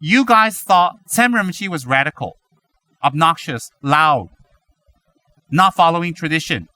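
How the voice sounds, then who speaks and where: A man giving a Buddhist teaching, animated and full of rhetorical questions, now and then mimicking other people's voices. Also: a little high, unhurried. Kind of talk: dharma talk.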